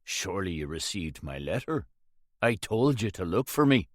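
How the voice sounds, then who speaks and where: A man reading an audiobook, voicing a cool, menacing gunman hero who threatens calmly and mockingly. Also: low voice, moderate pace, no room sound, clean studio sound.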